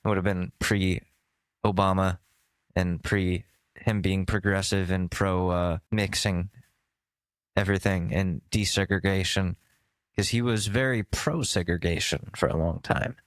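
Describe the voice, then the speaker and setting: A man's voice: sits low, steady tone, measured pace. Jokey guy cohosting a podcast, rambles into bits, dry sound, no room echo. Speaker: podcast co-host. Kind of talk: casual comedic chat.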